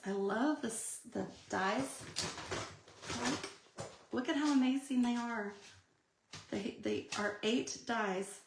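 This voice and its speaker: Chatty woman with a gravelly voice. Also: medium pitch, fairly bright tone, slight background noise. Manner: chatty, reads and answers viewer comments. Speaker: card-making instructor. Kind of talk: live craft demonstration. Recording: echoey room.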